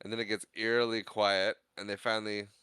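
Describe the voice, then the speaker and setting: A man's voice: on the low side, fairly quick, smooth, dry recording. A man co-hosting a podcast, recapping a film in casual chat and acting out lines in funny voices. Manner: animated, acts out quotes in funny voices. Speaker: podcast co-host.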